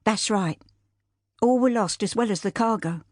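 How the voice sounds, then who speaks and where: A woman voicing a practical older family friend who speaks briskly, sternly and with plain comfort. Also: mid-range voice, darkish tone, dry recording, clean studio sound, pitched above the performer's own voice, lightly acted. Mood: firm.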